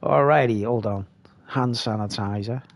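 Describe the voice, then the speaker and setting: A man's voice: medium pitch, normal speed, vocal fry. A man giving rambling, chatty live commentary while streaming a game, calling his viewers "mate".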